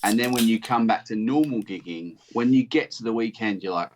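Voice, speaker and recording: A man's voice: on the low side, a little fast, hardly any pauses. Sweary rambling man on a podcast. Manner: swears a lot, rambling, searching for words. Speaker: comedian guest. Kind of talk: casual chat. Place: at home studio. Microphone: video call.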